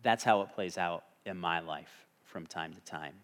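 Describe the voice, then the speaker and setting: A man's voice: deep voice, moderate pace, fairly bright tone. A man preaching a sermon as a pastor, talking conversationally and asking the congregation questions.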